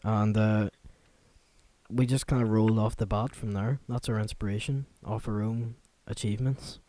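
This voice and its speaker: A man's voice: lowish voice, fairly even intonation, moderate pace, warm tone. A man co-hosting a casual call-in show, laid-back and politely amused. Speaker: co-host.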